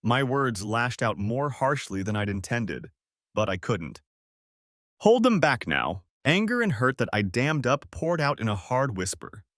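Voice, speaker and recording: A man's voice: mid-range voice, sing-song, unhurried, fairly bright tone, no echo, clean studio sound. A man narrating a first-person drama story, cold and controlled in tone.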